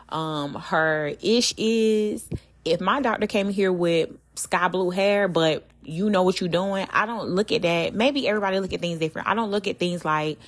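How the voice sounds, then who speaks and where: A young adult woman hosting her own podcast. She talks candidly in slang, curses often and speaks straight to her listeners. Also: lowish voice. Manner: candid, slangy and animated, with frequent cursing. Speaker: podcast host. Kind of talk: casual solo podcast talk.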